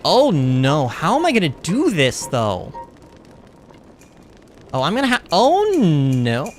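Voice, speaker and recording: A male streamer giving live gameplay commentary in a playful, chatty way, quick to sound alarmed. His pitch swings widely from line to line. Faint game music plays underneath. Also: wildly swooping pitch.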